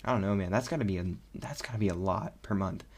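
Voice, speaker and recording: A man's voice: on the low side, fast, slightly rough. A young man hosting his own podcast, chatting casually and rambling with lots of fillers. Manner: rambling, animated, many fillers. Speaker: podcast host. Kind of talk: casual solo podcast chat.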